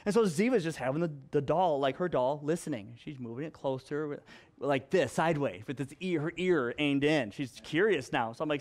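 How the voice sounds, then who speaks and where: A male pastor preaching a storytelling sermon, animated and acting out dialogue with playful voices. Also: on the high side, fairly quick.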